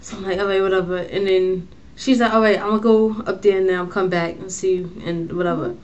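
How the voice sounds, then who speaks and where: A young woman telling a story in a casual vlog, slangy and animated, cursing freely. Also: mid-range voice, fast talker, lo-fi sound.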